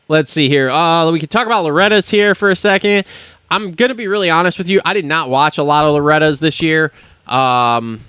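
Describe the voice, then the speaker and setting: A man's voice: mid-range voice, pushed and bright, clear, resonant tone, no room sound. A man hosting a podcast from a studio, ranting in a blunt, profane and indignant way. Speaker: podcast host. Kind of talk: heated podcast rant.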